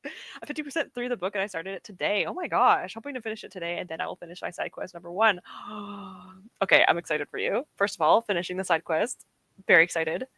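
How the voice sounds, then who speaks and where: A woman's voice: lowish voice, fast, bright, forceful tone, no room sound. A young woman hosting a reading stream from her desk, chatting casually with her viewers and laughing often. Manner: chatty and giggly, often laughs and reacts to chat. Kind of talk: casual chat with live chat. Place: home desk.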